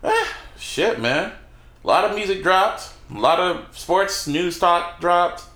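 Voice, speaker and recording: A man's voice: high-pitched, animated, slow pace, bright, forceful tone. A man co-hosting a podcast in casual chat, laughing often and swearing loosely. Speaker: podcast co-host. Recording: roomy echo.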